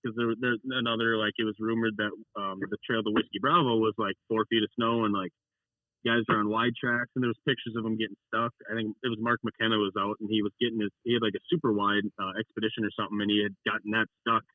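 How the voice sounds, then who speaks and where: A man's voice: fairly low pitch, level tone, fast, no echo. A young man telling a rambling race story in a casual call, acting out what he and his teammate said. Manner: rambling storyteller, acts out his own quotes. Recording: dry tinny phone line.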